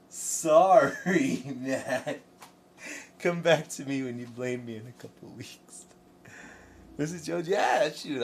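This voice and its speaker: A man paints on a live stream, rambling and joking as he talks to both his chat and himself. His mid-range voice comes from far off the mic, with faint room noise behind it.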